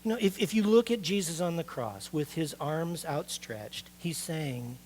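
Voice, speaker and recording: Animated middle-aged male pastor preaching. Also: on the high side, a little slow, few pauses, a little hiss or hum. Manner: conversational, animated preaching with rhetorical questions to the congregation. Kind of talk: sermon.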